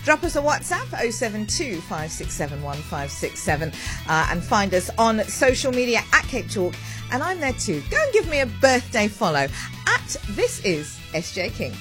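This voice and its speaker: A woman hosting breakfast radio, chatting in a lively, self-mocking way with lots of asides. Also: mid-range voice, moderate pace, over music. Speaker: radio host. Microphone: studio mic with headphones.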